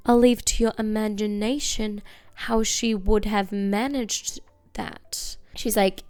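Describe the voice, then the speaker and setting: A young woman hosting a casual, comedic recap, chatty and wry with quick asides. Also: medium pitch, steady tone, darkish tone, clear, resonant tone. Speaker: video essay host.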